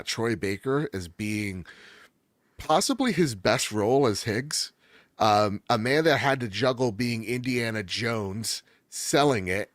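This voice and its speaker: A man's voice: fairly low pitch, a bit bright, dry recording. A man co-hosting a gaming show in casual chat, enthusiastic and jokey, rambling as he raves about games. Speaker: gaming podcast co-host.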